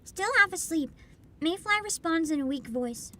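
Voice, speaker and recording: A woman's voice: very high voice, lively intonation, normal speed, bright, forceful tone. A woman streaming a game, reading its text aloud and chatting casually with wry remarks. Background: game music.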